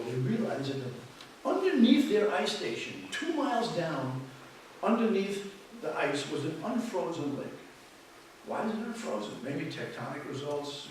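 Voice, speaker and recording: A man speaking somewhat high for his sex gives a rambling talk with slides, stumbling over repeated words. He is caught from well back in a very echoey room, with a faint hiss behind him. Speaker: guest speaker. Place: lecture room with audience. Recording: echoey hall, mic far off.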